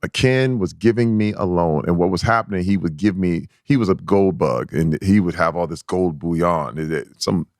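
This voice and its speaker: A man guest on a podcast, telling a candid personal story in an animated, emphatic way, often restarting and repeating words as he goes. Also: moderate pace, few pauses, no echo, studio quality. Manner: animated, acts out his own past voice in a squeaky high pitch.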